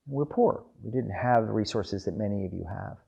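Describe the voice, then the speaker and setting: A man telling a family story to a live audience in an animated storytelling style with wry asides. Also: on the low side, moderate pace, creaky, slightly rough.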